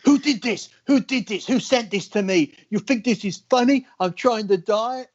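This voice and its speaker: A man voicing an angry male bodybuilder who shouts indignant questions at people teasing him. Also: sits high, moderate pace, pitched above the performer's own voice. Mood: outraged. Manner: yelling, indignant. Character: furious hungry male bodybuilder shouting at pranksters. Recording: dull lo-fi audio.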